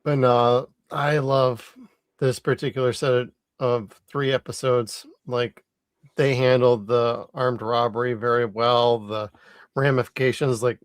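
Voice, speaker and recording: A man's voice: medium pitch, level tone, measured pace, dry recording, clean studio sound. Enthusiastic man chatting on a podcast. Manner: enthusiastic, swears casually. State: tired. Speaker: podcast co-host. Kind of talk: casual chat.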